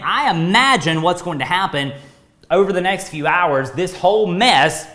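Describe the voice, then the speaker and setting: Male meteorologist on live storm coverage, urgent and repetitive, voice tiring, slightly raised pitch, roomy echo. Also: a bit bright. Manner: urgent, repeats warnings. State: voice tiring from talking all day. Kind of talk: live severe weather coverage.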